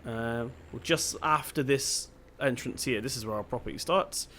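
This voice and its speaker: A young gaming channel host from Devon, England, chats casually and thinks out loud while playing a farming game, his Devon accent clear. His voice is medium-pitched and a little bright, at normal speed, with slight background noise.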